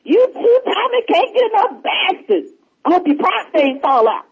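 A man's voice: very high voice, very animated, moderate pace, vocal fry, voice pushed up, heavily acted. A man putting on the voice of a foul-mouthed, sassy woman who hurls insults with mocking scorn, on a muffled lo-fi recording. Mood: spiteful.

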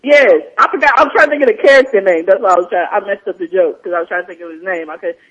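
A man co-hosting a radio show in casual talk, animated and rambling, with a husky voice. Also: sits high, racing, highs cut off.

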